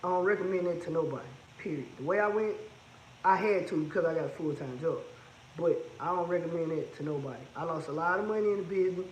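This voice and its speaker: Blunt high-voiced man giving hard advice. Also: fast talker, roomy sound, a little hiss or hum, rough recording. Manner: blunt, repetitive, emphatic, street-talking. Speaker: trucking business owner giving advice. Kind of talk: casual advice monologue.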